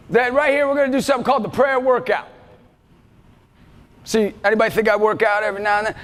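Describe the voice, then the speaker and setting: A male motivational speaker giving an energetic talk to students, often shouting to rally them. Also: sits high. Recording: reverberant hall, faint music behind.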